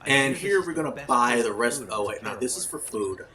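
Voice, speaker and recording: A man's voice: mid-range voice, animated, normal speed, crowd noise, low-quality recording. A man hosting a casual let's play, swearing and laughing as he comments on the game.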